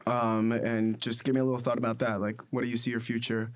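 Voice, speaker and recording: A young man from the United States hosts a casual podcast and tells his own stories. He talks in an animated, rambling way and leans on fillers. His voice sits at an everyday middle pitch. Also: fast talker. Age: 20s. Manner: rambling and animated, with many fillers like "you know what I mean". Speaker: podcast host.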